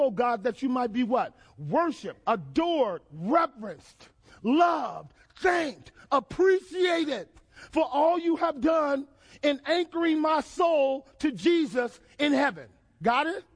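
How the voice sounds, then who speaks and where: A man preaching a sermon in a call-and-response style, repeating phrases rhythmically and rising to shouts. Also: very high-pitched. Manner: repetitive, rhythmic emphasis.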